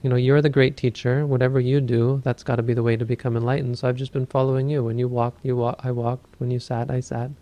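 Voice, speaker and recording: A man's voice: mid-range voice, level tone, fast, hardly any pauses, dark tone, lightly acted. A man voicing an earnest male angel who explains that he copies the teacher in everything. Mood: eager.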